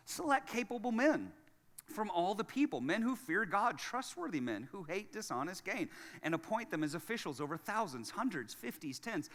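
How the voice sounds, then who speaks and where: Bright-voiced pastor preaching in a hall. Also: male voice, high voice, very animated, moderate pace. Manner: conversational, jokey, swings from hushed to loud. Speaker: lead pastor. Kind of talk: sermon.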